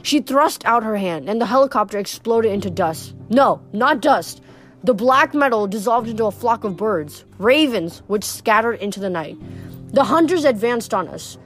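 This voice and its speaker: A woman's voice: a little high, animated, moderate pace, faint music behind. A woman reading a novel aloud, stumbling and correcting herself now and then. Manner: casual, stumbles and self-corrects. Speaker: reader.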